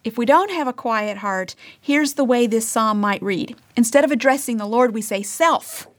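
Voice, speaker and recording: A woman leads a devotional Bible teaching in an earnest tone. Her voice sits a touch higher than most, and she reads passages aloud, sinking to a near whisper when she wants a point to land. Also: normal speed. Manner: earnest, reads scripture aloud, drops to a hush for emphasis.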